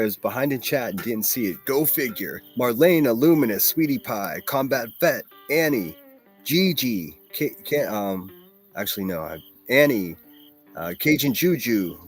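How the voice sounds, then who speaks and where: A man from Pittsburgh with a Pittsburgh accent, hosting a livestream and chatting casually and profanely while reading out names from the chat. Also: medium pitch. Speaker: livestream host.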